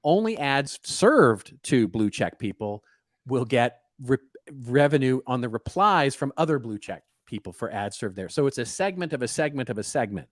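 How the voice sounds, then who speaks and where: A man's voice: mid-range voice, animated, moderate pace, no echo, studio quality. A man co-hosting a casual podcast, reading news stories aloud and breaking in with wry asides. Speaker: podcast co-host.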